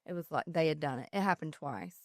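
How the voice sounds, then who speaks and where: A woman's voice: sits low, quick pace, no room sound, clean studio sound. A woman co-hosting a podcast, chatting casually and telling a story from her school years. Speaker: podcast co-host. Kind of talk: casual chat.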